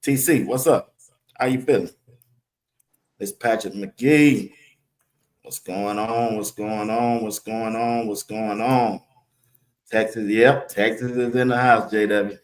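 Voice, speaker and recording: A man hosting a live sports talk stream, firing off casual shout-outs to the chat and laughing often. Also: fairly low pitch, steady tone, slow, pauses often. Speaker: live show host.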